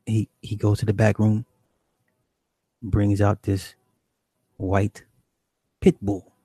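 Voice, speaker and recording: Husky man telling a wild story. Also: lowish voice, slow pace, no echo. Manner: animated, profane, acts out the people he describes. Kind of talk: casual comic storytelling.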